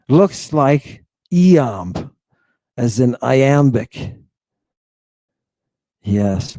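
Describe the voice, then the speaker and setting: A man giving a lecture over slides, emphatic and dramatic, constantly asking "right?" and swinging between hushed asides and loud outbursts. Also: fairly high pitch, no echo. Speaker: lecturer on ancient Greek language and ritual.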